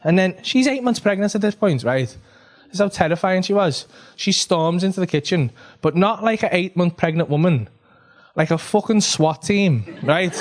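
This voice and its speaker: A man's voice: high voice, expressive, normal speed. A young man doing a stand-up routine, rambling and swearing, working himself up into exasperated rants. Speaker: stand-up comedian.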